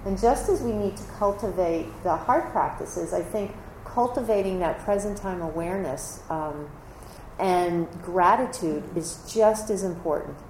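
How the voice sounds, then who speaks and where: A woman's voice: lowish voice, a little mellow. Reflective woman giving a dharma talk. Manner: reflective and conversational, with pauses and restarts. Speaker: meditation teacher. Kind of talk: Buddhist dharma talk to a live group. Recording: echoey room with faint ambient noise.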